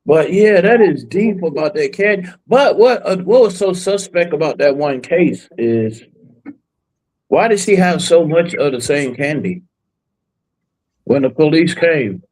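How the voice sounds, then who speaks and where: High-voiced man, hesitant podcast host. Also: lively intonation, a little slow, a little mellow, rough recording. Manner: hesitant, many fillers and restarts, asks questions. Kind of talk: casual podcast discussion.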